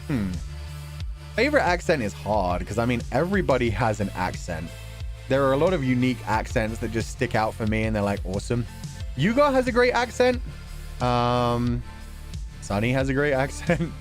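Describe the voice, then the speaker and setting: Lively British man chatting casually. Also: medium pitch, moderate pace, soft background music. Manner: relaxed, chatty, laughs often, swears casually. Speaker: streamer host. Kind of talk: casual chat, reading viewer donations.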